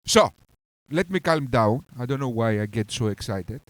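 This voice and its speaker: A man hosting a reaction commentary, talking with heated scorn and insults and swinging between outbursts and calmer stretches. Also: mid-range voice, normal speed, dry recording. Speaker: commentary channel host.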